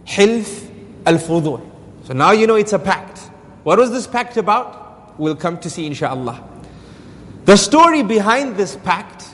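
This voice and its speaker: A man's voice: high voice, big-room sound. A man giving a religious lesson as a story, asking rhetorical questions and repeating key phrases. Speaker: Islamic lecturer.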